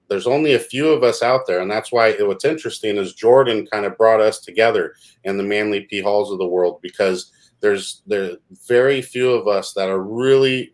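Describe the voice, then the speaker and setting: A man talking as a show guest in a loose, rambling, casual way. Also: on the low side. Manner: rambling, loose, full of "you know". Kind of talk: casual conversation.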